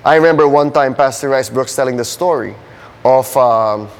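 A man's voice: medium pitch, normal speed. A male pastor preaching a sermon, earnest and building to emphatic questions. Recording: long hall reverb.

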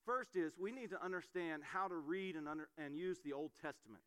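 A middle-aged man preaching a sermon, telling family stories in a relaxed, conversational way with frequent fillers. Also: on the high side, a little fast. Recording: long hall reverb.

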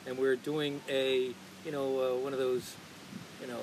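A man telling sports stories in a casual chat, animated and acting out the people he quotes. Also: medium pitch, normal speed. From Philadelphia area. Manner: animated storyteller, acts out quotes. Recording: noisy background.

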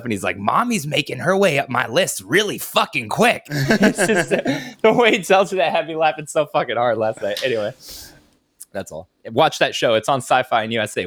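A man's voice: mid-range voice, dry recording. A man in casual chat as a podcast co-host, swearing often and laughing at stories. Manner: profane, laughing, quick to react.

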